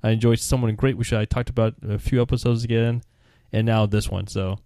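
A man's voice: fairly low pitch, little pitch movement, a little fast, mellow, dry recording, clean studio sound. A man hosting a podcast, upbeat and steering the talk through its segments. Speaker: podcast host. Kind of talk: casual chat.

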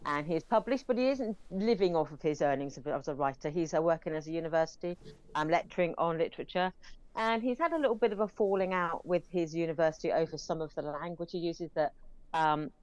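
A woman's voice: sits low, fast talker, darkish tone, highs cut off. A woman reviewing films in casual, rambling chat, with many fillers. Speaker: film reviewer.

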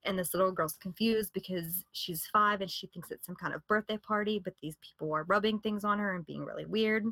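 A woman's voice: medium pitch, brisk, sharp tone, dry recording. A woman podcast host in casual storytelling, retelling and reading from a book, conversational with fillers and self-corrections.

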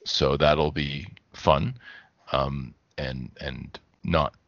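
A man's voice: rumbling low, steady tone, very slow, fairly bright tone, no room sound, muffled recording. A man co-hosting a podcast in casual chat, thinking aloud and correcting himself as he goes. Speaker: podcast co-host.

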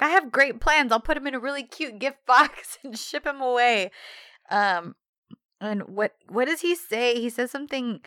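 A woman's voice: a little high, moderate pace, no echo, clean studio sound. A woman in casual chat, recapping a TV series, laughing often and acting out the characters' lines. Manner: giggly, acts out characters' lines in animated bursts. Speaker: podcast co-host recapping a TV series.

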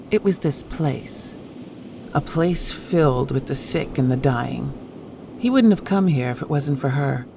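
Gravelly-voiced woman reading a story. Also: low-pitched, mellow, a little hiss or hum. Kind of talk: scripted story narration.

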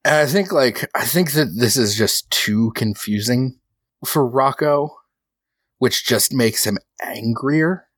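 A man's voice: medium pitch, animated, slow pace, a bit bright, husky, dry recording. Casual man describing his character. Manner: casual, filler-heavy with "like" and "I think". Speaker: player.

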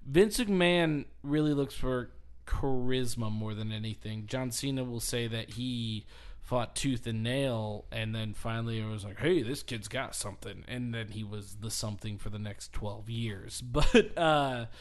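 A man in casual podcast chat, spinning a loose, rambling story at an easy clip. His voice sits in an ordinary middle pitch, and he laughs as he talks. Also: measured pace. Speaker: podcast host.

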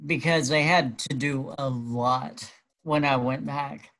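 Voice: medium pitch, fairly even intonation, slow pace, fairly bright tone. A guest telling a personal story in a casual, wry and matter-of-fact way.

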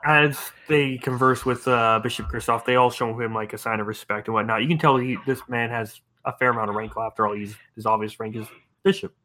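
A man's voice: medium pitch, steady tone, a little fast, bright, forceful tone. A man narrating a tabletop game as game master in a casual, loose way, adding spoken sound effects.

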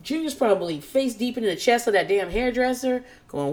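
In a casual podcast chat, the woman runs through the reality show's drama rapidly and loosely, full of profanity, and admits she's nervous and on edge. She moves from quiet muttered remarks to high-pitched, squealing mock quotes of the people she's talking about, all with plenty of animation.

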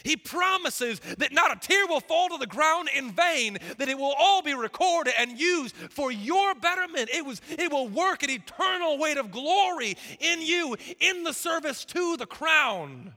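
Man, preacher, sermon, impassioned, folksy, lively pitch, long church reverb. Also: a little slow, hardly any pauses. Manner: impassioned, folksy southern turns of phrase. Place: church sanctuary. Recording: reverberant hall.

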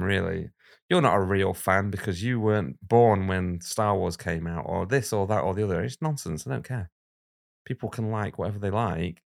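A man with a deep, low-pitched voice and a gravelly edge to it. He talks bluntly and speaks his mind in relaxed podcast chat, and he grows animated when a subject riles him. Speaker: guest illustrator. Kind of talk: casual podcast conversation.

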